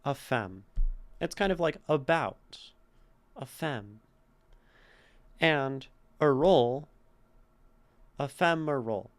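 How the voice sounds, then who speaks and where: Guy on stream going over a poem, slow and kinda gravelly, tapping out da-dum beats. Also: mid-range voice, lively intonation. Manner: thinking aloud, sounding out stresses. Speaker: streamer critiquing poetry. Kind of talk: casual poetry critique. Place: home streaming setup.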